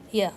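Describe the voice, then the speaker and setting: A young woman with a stuffy, nasal cold and a cough, chatting casually and rambling to her live stream viewers from a university building, full of fillers as she thinks aloud. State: sick, nasal and congested with a cough. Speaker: study livestreamer.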